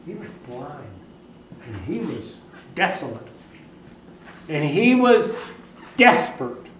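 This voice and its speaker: A man preaching a sermon, telling a story dramatically and swinging between hushed and loud. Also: on the high side, sing-song, slow pace, reverberant, distant mic, slight background noise, rough recording.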